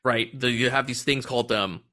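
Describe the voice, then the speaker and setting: Speaking a little fast in a mid-range voice that sounds pushed and bright, a man hosts a movie podcast. His film review chat is casual and animated, full of laughter with some swearing.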